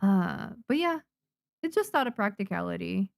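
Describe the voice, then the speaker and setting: A chatty woman from Japan whose first language is Japanese talks to her stream viewers while working on manga designs. Her pitch swings freely as she gets excited, and the sound is dry and close with no room around it. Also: gravelly, dry recording. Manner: chatty, excitable, quick to laugh. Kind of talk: casual live-stream chat while drawing.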